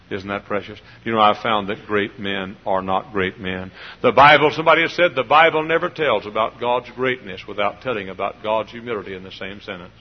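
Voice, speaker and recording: A man preaching a storytelling sermon in a folksy way, dropping to quiet asides and rising to loud emphatic bursts. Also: fairly low pitch, a little hiss or hum. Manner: folksy, swings from hushed to loud emphatic outbursts. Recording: dull lo-fi sermon recording.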